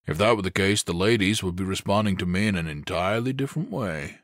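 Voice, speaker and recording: A laid-back young SWAT officer in an audiobook, tossing off wry remarks in a low voice as a male narrator puts him on. The read is dry and close to the mic. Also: fast talker, fairly bright tone, no echo.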